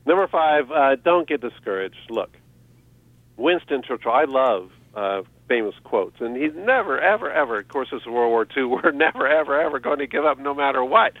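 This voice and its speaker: Animated man on a tinny phone line. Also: medium pitch, moderate pace, dry recording. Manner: upbeat, animated, laughs often. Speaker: eBay seller guest on radio show. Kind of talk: casual radio chat giving tips.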